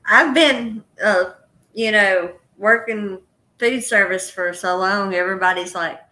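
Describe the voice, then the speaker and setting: A woman with a strong Southern drawl talks slowly on a livestream and reads out viewer comments in a bright, sharp voice. Her chat is easy and unhurried. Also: medium pitch, rough recording. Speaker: co-host of a livestream.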